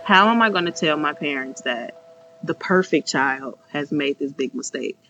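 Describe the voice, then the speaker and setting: A woman's voice: low voice, expressive, normal speed, pushed and bright. A young woman in her twenties from Chicago, candidly telling her own story, with lots of fillers, acting out her past thoughts aloud. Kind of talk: personal storytelling. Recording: slightly muffled, faint music behind.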